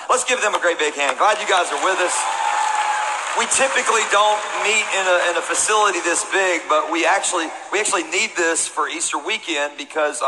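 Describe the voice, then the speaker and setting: A man's voice: fairly high pitch, long reverb tail, background noise. A man in his forties with a Texan accent, a pastor telling playful, joking stories to his congregation from the stage of a large church auditorium. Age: 40s. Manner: storytelling, playful and joking with the crowd. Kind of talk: sermon.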